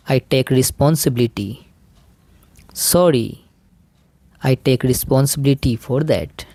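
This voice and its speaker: Male voice for a slow vocabulary lesson, gravelly tone, dry close sound. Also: medium pitch, a little mellow, no echo. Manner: measured, deliberate, pausing between each phrase. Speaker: vocabulary teacher. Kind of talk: slow scripted word-list reading.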